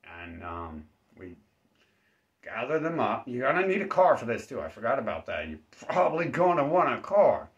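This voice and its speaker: Deadpan man rambling darkly. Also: normal speed. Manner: acts out exchanges with sudden high-pitched voices; laughs at his own dark jokes. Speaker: self-defense channel host. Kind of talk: rambling deadpan dark-comedy monologue. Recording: slightly dull, lo-fi recording.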